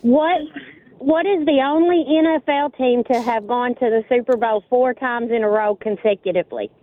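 A woman's voice: on the high side, normal speed. A woman from Tennessee calling in to a radio show from her car, polite and friendly. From Northwest Tennessee. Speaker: caller. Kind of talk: phone-in chat. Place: driving in a car. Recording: tinny phone line.

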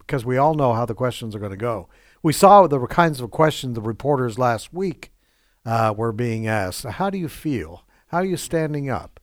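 A man's voice: mid-range voice, no room sound, studio quality. A man in casual political panel talk, sounding emphatic and incredulous. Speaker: political commentator.

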